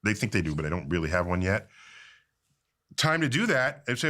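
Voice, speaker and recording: A man explaining things in an interview clip, animated and quizzing the person with him. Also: fairly low pitch, fairly quick.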